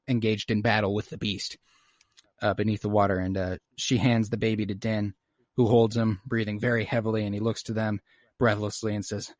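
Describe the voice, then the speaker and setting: A man hosting a podcast over a video call, recapping an episode in excited casual chat, with plenty of fillers and swearing. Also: lowish voice, dry recording, clean studio sound. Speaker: podcast host.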